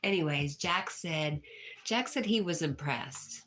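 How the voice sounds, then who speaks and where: A woman with a notably low voice hosts a casual livestream, reading viewers' comments aloud. She is easygoing and gently reassuring, and she chuckles often. She is from New York. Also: expressive, takes it slowly. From New York, USA. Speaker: livestream host.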